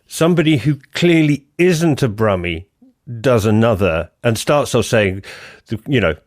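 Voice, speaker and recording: Lively male podcast host, dry sound. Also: medium pitch, measured pace, dry recording. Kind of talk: casual chat.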